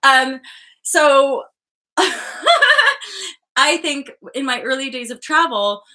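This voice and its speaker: This Canadian woman in her thirties hosts a spiritual web show, her high, bright voice carrying lively intonation and a forceful tone at an extremely slow pace. She chats loosely and ramblingly on a livestream, often restarting her sentences.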